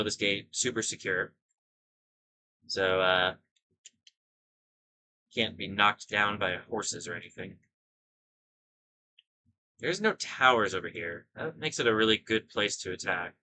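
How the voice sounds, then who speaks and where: A man giving casual commentary over his own gameplay, thinking aloud as he goes. His voice sits low but rings bright and forceful. He drifts into rambling asides and corrects himself along the way. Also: poor audio. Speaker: gaming video host.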